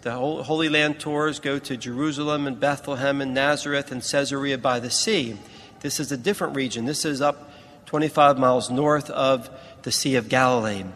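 A man preaching a sermon in a large church, teaching in a slow, deliberate way with emphatic pauses. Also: medium pitch, fairly even intonation, fairly bright tone, big-room sound, slight background noise.

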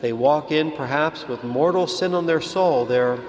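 Man preaching in a reverberant hall. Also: on the high side. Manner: calm, measured preaching. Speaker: priest. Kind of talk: sermon. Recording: reverberant hall with faint ambience.

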